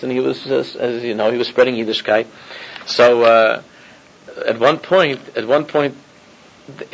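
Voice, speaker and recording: A man teaching an informal Torah class as a rabbi, mixing in Hebrew and Yiddish terms, often repeating himself and chuckling. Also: mid-range voice. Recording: dull lo-fi recording.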